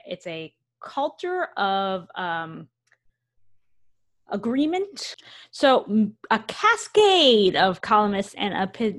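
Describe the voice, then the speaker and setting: Woman podcast co-host, conversational, reads quotes with asides. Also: medium pitch. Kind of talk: casual podcast chat reading news.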